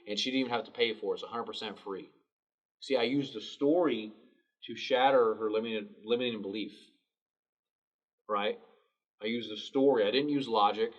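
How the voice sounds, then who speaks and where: A man giving a sales training talk in a calm, low late-night DJ manner. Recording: distant mic, dull sound.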